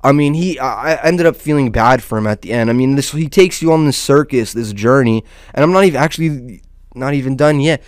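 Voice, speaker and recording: A man's voice: mid-range voice, a little fast, dry recording, clean studio sound. Rambling, profane man giving loose commentary. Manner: rambling, loose, with frequent restarts and "dude". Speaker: host of a small online channel.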